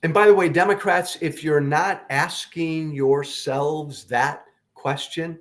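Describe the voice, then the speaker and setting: Slow, blunt man ranting. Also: a little high, steady tone. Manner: blunt, profane, repeats points for emphasis. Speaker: political talk show host. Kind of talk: opinionated political commentary.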